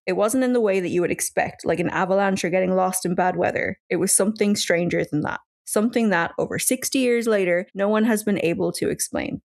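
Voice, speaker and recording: A woman's voice: mid-range voice, fairly quick, gravelly, hardly any pauses, darkish tone. A woman co-host telling a true mystery on a casual podcast, half-scripted, with chatty asides.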